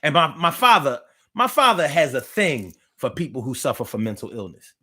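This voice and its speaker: Male host, fairly high voice, loose and profane, repeats lines for effect. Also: normal speed, husky. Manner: animated, profane, repeats phrases. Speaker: talk show host. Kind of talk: casual storytelling to live listeners.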